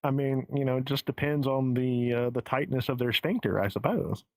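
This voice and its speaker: A man's voice: medium pitch, moderate pace, no room sound, low-quality recording. A man with a Southern US accent talking as a stand-up comedian guest in a casual podcast interview, candid and profane, often restarting his sentences. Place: home in the Pacific Northwest.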